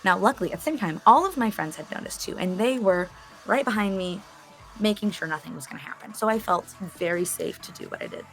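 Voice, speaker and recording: A woman's voice: mid-range voice, fast, creaky, faint music behind. A woman casually telling a story, chatty, with lots of fillers. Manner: chatty, animated retelling with many fillers.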